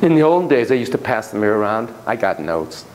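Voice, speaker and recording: Animated man lecturing a class. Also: fairly low pitch, quick pace, a little hiss or hum, poor audio. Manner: animated, swings between soft and emphatic, repeats phrases. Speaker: lecturer in child psychotherapy. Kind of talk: classroom lecture with a volunteer demonstration.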